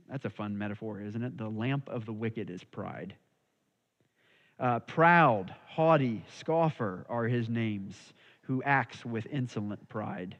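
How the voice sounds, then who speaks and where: Male Bible study leader, chatty and conversational, mid-pitched voice, dull lo-fi recording. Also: animated, slow. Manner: conversational, checks in with listeners. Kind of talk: casual church Bible study teaching.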